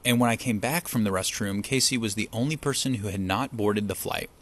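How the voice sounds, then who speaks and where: Brief: male vlogger, lowish voice, casual chatty storyteller, eats between lines. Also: a little fast. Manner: chatty, relaxed, acts out quoted people. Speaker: vlogger eating on camera.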